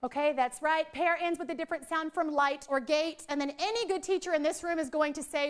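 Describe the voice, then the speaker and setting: A woman's voice: sits high, a little fast, hardly any pauses. A woman leads a workshop for teachers. She talks playfully, jokes with the room and draws out single speech sounds. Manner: playful, joking with the audience, drawing out sounds. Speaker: literacy trainer presenting to teachers. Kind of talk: live workshop presentation. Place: training room with a live audience.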